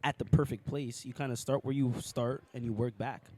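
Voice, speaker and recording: A man's voice: mid-range voice, steady tone, normal speed, mellow, slight background noise. Young man hosting a campus podcast. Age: young adult. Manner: chatty, hesitant, repeats words. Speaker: podcast host. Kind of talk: casual campus podcast chat. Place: outdoors on a college campus.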